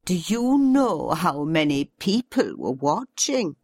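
A woman voicing a vain, theatrical aging female television star with a grand, drawn-out delivery. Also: on the low side, very animated, a little mellow, husky, dry recording, clean studio sound, heavily acted. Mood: grandstanding.

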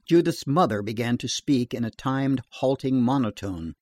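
A man narrating a horror story in a steady, measured reading voice. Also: mid-range voice, dry recording.

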